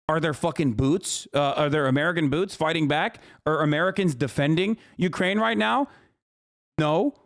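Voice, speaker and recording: A man in his thirties streaming a heated, profane political rant to his chat, angry and stumbling over restarts. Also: sits high.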